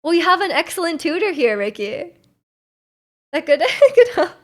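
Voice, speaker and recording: Her voice extremely high-pitched and very animated, the young North American woman hosts her livestream at a moderate pace. She chats casually in a rambling, giggly way, leaning on lots of fillers.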